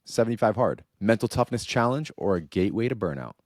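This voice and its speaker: A man co-hosting a fitness podcast, speaking in a measured way with emphatic build-ups. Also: lowish voice, expressive, darkish tone, dry recording, clean studio sound.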